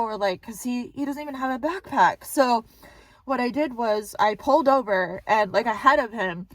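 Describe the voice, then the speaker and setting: A young woman vlogger casually telling a story, chatty and excitable with lots of fillers. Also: a little high, normal speed, no echo.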